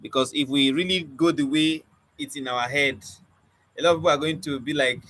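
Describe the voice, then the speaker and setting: A man teaches a spoken word poetry class, speaking in quick bursts with a stammer, drilling points and quizzing his students. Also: on the high side, low-quality recording. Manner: animated teacher, asks the class questions and drills points by repeating them. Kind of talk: live online class lecture.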